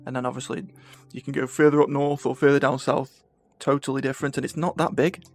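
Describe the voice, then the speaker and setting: A man, hosting a podcast in a relaxed, friendly way and laughing easily. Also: mid-range voice, quick pace, soft background music. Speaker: podcast host. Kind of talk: casual conversation.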